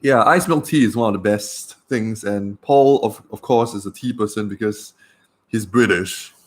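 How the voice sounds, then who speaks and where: Chatty man, low voice. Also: normal speed. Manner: chatty and rambling, with many fillers. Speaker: doctor hosting a livestream. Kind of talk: casual livestream chat.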